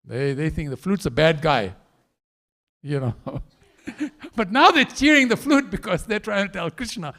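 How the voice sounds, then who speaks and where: A man telling a story in a temple class, animated and acting out each character as he goes. His voice sits high and swings widely in pitch, and he keeps the telling lively. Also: normal speed. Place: temple hall.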